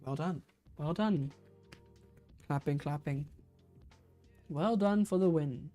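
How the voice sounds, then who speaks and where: Low-voiced woman hosting a chatty livestream. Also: takes it slowly, long pauses, over music, crowd noise. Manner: chatty, giggly, trips over words. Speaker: livestream host running a quiz. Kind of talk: casual live-stream chat.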